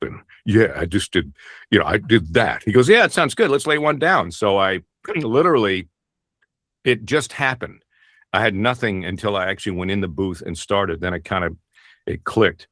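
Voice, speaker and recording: A man's voice: deep voice, fairly bright tone, dry recording, studio quality. A middle-aged man, a voice actor, talking casually in an interview, rambling and self-deprecating with many restarts. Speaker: voice actor guest.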